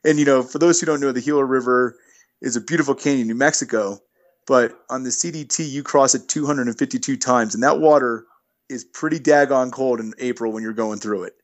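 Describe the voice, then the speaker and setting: A middle-aged man tells hiking stories in a loose, rambling manner with lots of fillers. His voice sits at an ordinary middle pitch and sounds like a casual podcast guest. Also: brisk. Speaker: guest, thru-hiker. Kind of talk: casual storytelling interview.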